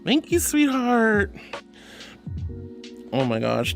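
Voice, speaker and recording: Affectionate streamer with a lively, bouncing voice. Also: medium pitch, normal speed, music in the background. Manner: affectionate, calls viewers sweetie and honey; gushing, giggly thanks. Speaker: VTuber streamer. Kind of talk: casual live-stream chat reading.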